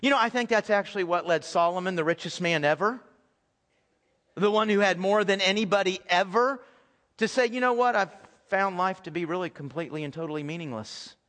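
A man's voice: on the high side, a bit bright. A man preaching to his congregation in a sermon, conversational, with rhetorical questions and frequent restarts. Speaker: pastor. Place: church hall with audience.

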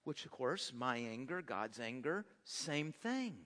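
A man preaching a sermon as pastor, animated and often repeating words as he starts a sentence. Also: medium pitch, takes it slowly. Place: church sanctuary. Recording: long reverb of a large hall.

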